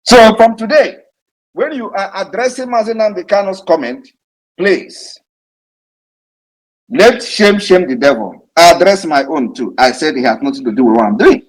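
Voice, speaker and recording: Fiery man with a lively voice. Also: on the high side, rough recording. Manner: fiery, mocking, repeats for emphasis. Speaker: political leader addressing supporters. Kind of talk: impassioned live audio address. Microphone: online audio space.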